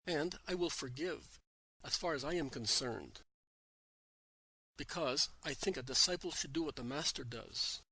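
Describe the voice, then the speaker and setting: A calm, forgiving male teacher from a spoken devotional story, read by a man. The voice is fairly high and bright with a husky edge. The delivery is measured and recorded dry. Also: no room sound, full character voice, poor audio.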